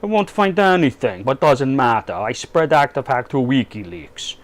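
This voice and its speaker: A man's voice: medium pitch, animated, moderate pace, dry recording, natural voice. A man voicing a scheming middle-aged male Russian leader in a put-on Russian accent, speaking broken English with dropped articles.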